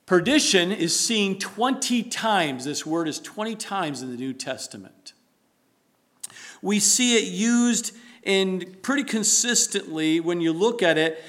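A man's voice: fairly high pitch, a bit bright. A middle-aged man preaching a sermon as pastor, building emphasis through repetition and quotations from scripture.

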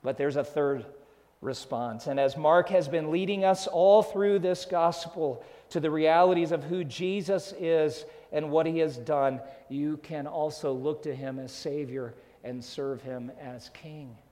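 Pastor preaching in a reverberant hall. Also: male voice, on the high side, a little slow. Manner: swells loud on key phrases, drops to hushed tones. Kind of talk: sermon. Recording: long reverb of a large hall.

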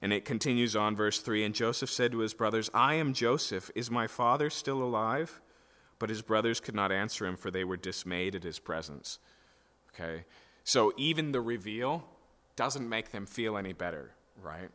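Man preaching, conversational, lowish bright voice, long hall reverb. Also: moderate pace. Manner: conversational, checks in with "okay?" and "right?". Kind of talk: expository sermon.

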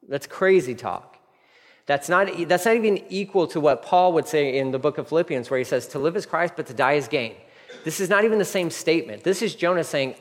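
A man preaching a casual, animated sermon, acting out the people in his story. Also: on the high side, brisk. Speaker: pastor. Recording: long hall reverb.

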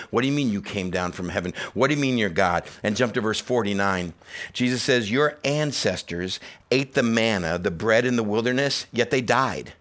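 A man's voice: on the low side, fairly bright tone. Impassioned male pastor preaching. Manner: preaches with rising intensity, repetitive emphasis; dramatizes quoted voices in conversational asides. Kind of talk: sermon.

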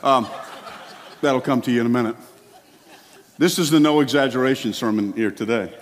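A male pastor delivering a sermon in a church, animated and exclamatory, with chatty asides to the congregation. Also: mid-range voice, moderate pace. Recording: long hall reverb.

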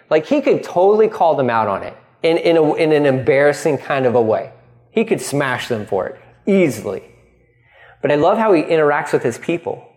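Animated male pastor preaching. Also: a little high, normal speed. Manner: animated, acting out voices in dialogue; frequent restarts and stumbles. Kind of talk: sermon.

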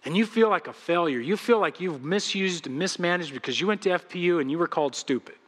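A man's voice: sits high, expressive, quick pace, fairly bright tone, long reverb tail. A man preaching a sermon as pastor, earnest and pleading as he speaks straight to his congregation. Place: church sanctuary.

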